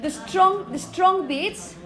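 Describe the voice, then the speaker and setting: Over crowd noise, a woman with a very high voice teaches phonetics to teachers at a slow pace. Her explanations go step by step, punctuated by "okay?" and "yeah?" check-ins, and she chants example phrases to illustrate the rhythm.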